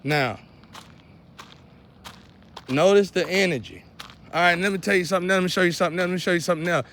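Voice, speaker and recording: A man's voice: sits high, fast, a bit bright, slight background noise. Scolding man preaching to viewers. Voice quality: frequent throat clearing. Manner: lecturing, scolding. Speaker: vlogger.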